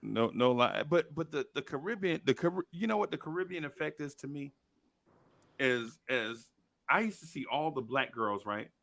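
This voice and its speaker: A man's voice: medium pitch, normal speed, vocal fry. A middle-aged man, a podcast co-host telling childhood stories in casual chat and acting out the voices. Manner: animated storyteller, acts out voices loudly.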